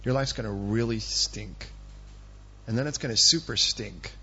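A man's voice: on the low side, normal speed, pushed and bright, breathy edge, dull audio, faint music behind, voice pushed down. A man voicing God as blunt and slangy, warning of worse and worse trouble. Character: exasperated God warning a stubborn people.

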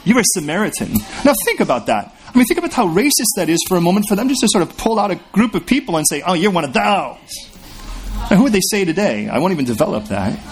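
A man preaching a sermon in a conversational, storytelling way, acting out the voices in his anecdotes. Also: high voice. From California. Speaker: pastor.

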